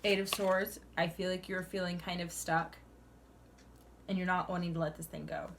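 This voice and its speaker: A woman's voice: on the low side, level tone, moderate pace, creaky, background noise. A young woman doing a tarot reading to camera, earnest and chatty, sighing now and then between cards. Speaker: tarot reader.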